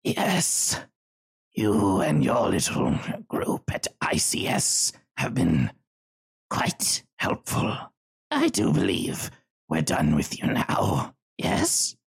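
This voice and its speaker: A man voicing a sinister cowled male creature with extra finger joints, speaking in a slow, whispery, menacing way in a tabletop game. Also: lowish voice, huge pitch swings, vocal fry, husky, heavily acted. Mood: mocking.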